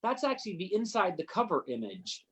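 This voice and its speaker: A man chatting casually as a panel guest, jokey, with halting restarts. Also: high voice, huge pitch swings, breathy edge. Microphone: video call.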